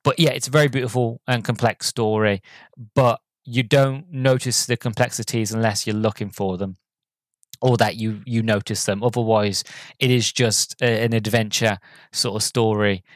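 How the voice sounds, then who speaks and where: A man's voice: lowish voice, fairly even intonation, normal speed, dry recording. Rambling man reviewing a film. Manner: rambling, with frequent restarts and fillers; acts out quoted characters in a raised voice. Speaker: podcast host reviewing films. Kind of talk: casual solo podcast talk.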